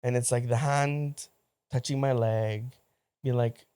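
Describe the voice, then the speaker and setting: A man co-hosting a casual podcast, telling a story with animated delivery and dropping to a hushed voice when he quotes others. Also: medium pitch, slow pace, clear, resonant tone. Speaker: podcast co-host. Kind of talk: casual chat.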